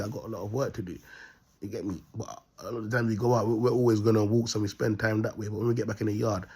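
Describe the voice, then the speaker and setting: A self-styled prophet vlogger with a lowish, husky voice talks to camera in a rambling, repetitive monologue. He laughs at his own points and keeps checking in with his listeners again and again.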